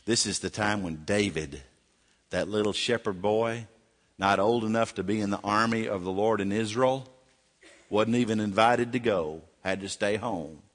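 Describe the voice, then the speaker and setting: A male pastor preaching a sermon, swinging dramatically from shouting to near whisper. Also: mid-range voice, in a large hall.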